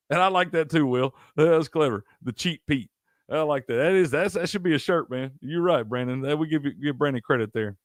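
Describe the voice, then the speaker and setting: A live sports stream host from Tennessee, his voice on the high side and a little fast, answers chat with a heated, profane rant. The audio is studio quality, without echo.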